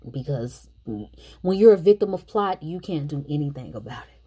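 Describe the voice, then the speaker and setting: A woman's voice: on the low side, normal speed, warm tone, breathy edge. A woman casually recapping a movie plot and chatting her opinions straight to the viewers. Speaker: movie reviewer.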